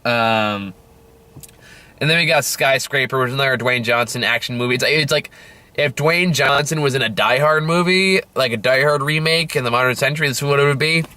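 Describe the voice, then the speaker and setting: A man's voice: medium pitch, fairly quick, sharp tone. A young man giving a rambling, casual movie review, full of fillers, self-corrections and offhand swearing.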